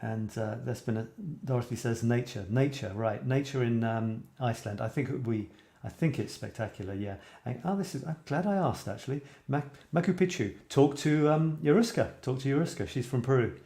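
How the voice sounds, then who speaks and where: A man chats casually on a live stream, musing aloud over viewer comments with plenty of ums and restarts. His voice is mellow and dark, and the recording has a roomy echo. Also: mid-range voice, brisk. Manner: chatty, musing aloud, frequent fillers and restarts. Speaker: host of a photography live stream.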